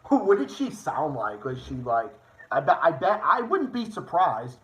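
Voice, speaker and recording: A young man hosting a casual livestream, excitable and rambling, swearing often with quick restarts. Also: a little high. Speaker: livestream host. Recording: echoey room, faint noise.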